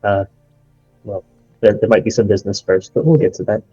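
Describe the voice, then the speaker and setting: A man voicing a polite young female scholar adventurer who speaks in a slightly halting way. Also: lowish voice, dark tone, husky, no room sound, soft background music. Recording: dull lo-fi recording, dry.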